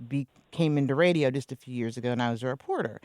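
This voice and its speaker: A woman from Kansas City hosting a radio interview, talking in a thoughtful, relaxed way and sometimes searching for words. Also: rumbling low, fast talker, no room sound. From Kansas City, USA. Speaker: radio host.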